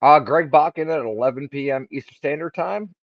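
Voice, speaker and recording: A man's voice: a little high, fairly quick, highs cut off, a loud crowd. A man co-hosting a podcast, teasing his partner and handling announcements in casual chat. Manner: dry teasing, runs the show's announcements. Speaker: podcast co-host.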